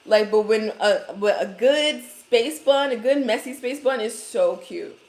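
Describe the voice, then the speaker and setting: A woman's voice: on the high side, measured pace, a little mellow. Chatty Brooklyn woman on a roomy livestream. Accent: Brooklyn New York. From Brooklyn, New York. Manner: chatty, answers viewer comments with advice. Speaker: hair care vlogger. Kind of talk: casual livestream chat with viewers.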